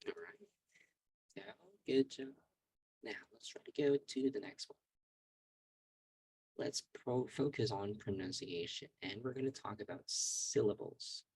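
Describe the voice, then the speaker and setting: A man teaching an online English lesson on a video call, calling on students and patiently repeating words slowly to drill pronunciation. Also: lowish voice, darkish tone, slightly rough, dry recording, rough recording.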